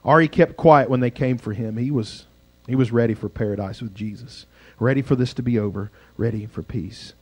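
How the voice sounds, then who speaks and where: A male pastor telling a dramatic story in a sermon, swinging from loud passages to hushed ones. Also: medium pitch, fairly quick, slightly rough, no room sound.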